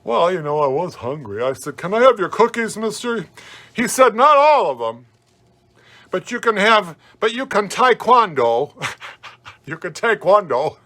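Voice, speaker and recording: A rambling, folksy hobo clown who chuckles through corny jokes and tall tales on a family show, as a man plays him. The voice sits somewhat high for a man. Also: big pitch swings, a little slow, bright, forceful tone, heavily acted. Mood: jolly. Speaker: guest host. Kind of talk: family comedy show monologue.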